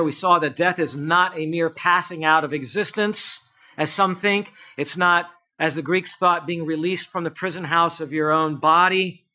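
A man preaching a sermon as a pastor, asking the congregation questions and swinging between emphatic lines and quiet low asides.

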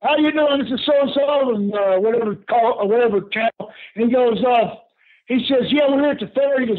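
Casting: older guy with a high voice, chatty storyteller, over a tinny phone line. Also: brisk. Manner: lively yarn-spinner who laughs often and says "brother". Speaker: guest, retired pro wrestler. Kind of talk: animated storytelling in an interview. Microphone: phone call.

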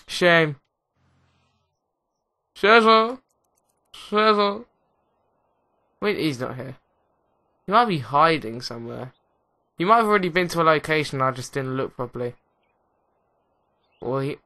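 A young man with an English accent gives rambling, excitable let's play commentary, often mocking himself. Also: a little high, vocal fry. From England. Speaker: gaming commentator.

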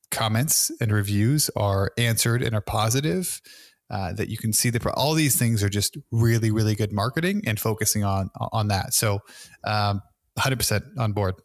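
A man's voice: fairly low pitch, dry recording, clean studio sound. A man co-hosting a marketing podcast, talking casually with fillers.

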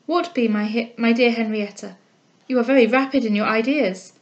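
A woman voicing a gentle, composed young lady. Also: a little high, normal speed, lo-fi sound, natural voice. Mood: gentle, earnest. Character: composed, kind young heiress.

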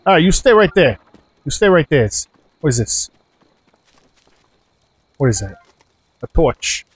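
A man giving rambling, excitable let's play commentary as he plays a game, swearing often. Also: a little high, unhurried, pauses often, breathy edge. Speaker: gaming channel host.

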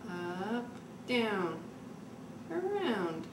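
A mother in a home video, slowly and encouragingly coaching her toddler. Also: a little high, very animated. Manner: slow, encouraging, sing-song prompting. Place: family home, indoors. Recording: roomy home room, mic far off, background noise.

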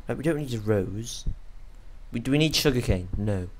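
A man's voice: animated, normal speed. Giggly guy gaming with friends. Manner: playful, giggly, bursts into high-pitched squeals. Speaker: gaming channel co-host. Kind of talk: casual Let's Play banter.

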